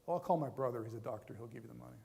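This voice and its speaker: A man's voice: mid-range voice, very fast, gravelly, dark tone, slight background noise, pitched below the performer's own voice. A man quoting his practical, reassuring mother. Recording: long hall reverb.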